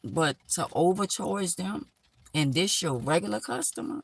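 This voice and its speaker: A woman's voice: fairly low pitch, expressive, a little slow, creaky, husky. A woman hosting a live stream, giving blunt, emphatic life advice in a casual, preachy way.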